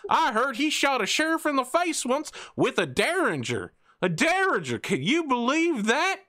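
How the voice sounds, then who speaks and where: A man's voice: extremely high pitch, huge pitch swings, normal speed, pushed and bright, voice pushed up, full character voice. A man voicing a boastful male dockhand with a put-on Southern drawl, hollering and folksy. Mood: hollering showman.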